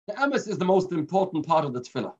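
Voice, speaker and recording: A man giving a daily religious lesson as a rabbi, telling stories in an earnest, unhurried way. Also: high-pitched, very animated, breathy edge. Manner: earnest, unhurried storytelling teacher. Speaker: rabbi teaching a daily class. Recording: muffled lo-fi recording.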